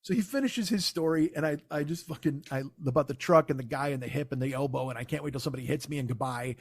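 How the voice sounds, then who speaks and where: A male stand-up comedian rattles through a profane story at a quick clip. His voice sits a little high and stays exasperated, and the sound is dry and close to the mic. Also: gravelly, breathy edge, no room sound.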